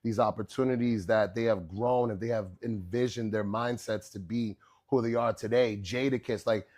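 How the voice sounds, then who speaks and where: A man, a chef guest on a podcast, telling stories in a casual, animated way, with many fillers like "you know what I'm saying". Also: lowish voice, normal speed. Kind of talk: casual storytelling.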